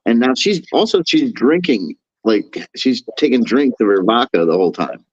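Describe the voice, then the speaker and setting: A man telling a rambling, profane story on a podcast, acting out quotes in a higher voice. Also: very animated, normal speed, husky, no echo. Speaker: podcast co-host. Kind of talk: casual storytelling chat. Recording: dull lo-fi sound.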